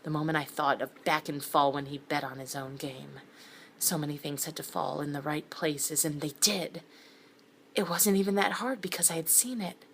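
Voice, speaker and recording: A middle-aged woman with a notably deep voice reads a first-person thriller. Her delivery is dry and sardonic, with quiet whispered stretches. A faint hiss sits under the voice. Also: fairly even intonation, moderate pace. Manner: wry, sardonic asides, sometimes dropping to a whisper. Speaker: narrator of a thriller web series. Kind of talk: scripted first-person narration.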